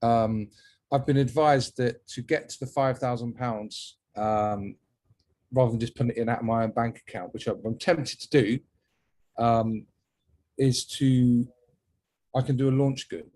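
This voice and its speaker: A man's voice: mid-range voice, steady tone, measured pace, a little mellow. A man on a webinar video call, friendly and informal, asking a question. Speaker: webinar participant.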